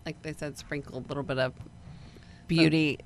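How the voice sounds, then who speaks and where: A woman co-hosting a podcast, adding quick agreeing remarks in casual chat. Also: low-pitched, fairly even intonation, a little hiss or hum. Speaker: podcast co-host. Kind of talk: casual chat, short reactions.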